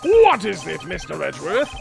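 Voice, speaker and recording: A man's voice: sits high, huge pitch swings, moderate pace, gravelly, faint music behind, voice pushed down, exaggerated voice. A man voicing a stern, fussy elderly male judge in a video game, speaking formally.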